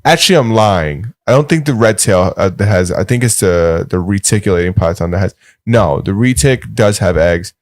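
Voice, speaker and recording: Low-voiced dude rambling and arguing on a podcast, swears a lot, dry close sound. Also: male voice, animated, moderate pace, no room sound. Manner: rambling, profane, argumentative. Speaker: podcast co-host. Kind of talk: casual chat.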